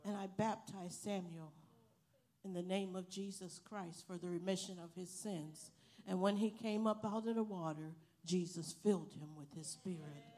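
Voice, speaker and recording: A woman preaching a sermon, telling a story slowly and building to loud, emphatic praise. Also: fairly low pitch, steady tone. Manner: slow, emphatic preaching that swells to loud hallelujahs. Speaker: missionary preacher and Bible college teacher.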